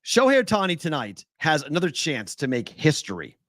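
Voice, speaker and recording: A man's voice: a little high, brisk, no room sound, studio quality. A man hosting a casual sports betting show, rattling off odds and stats with incredulous energy. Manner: animated, incredulous, stat-heavy.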